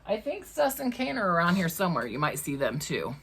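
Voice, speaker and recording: A woman's voice: on the low side, very animated, normal speed, fairly bright tone, a little hiss or hum. A woman hosting her own craft channel, talking casually to camera from her crafting room at home, chatty and emotional, laughing often.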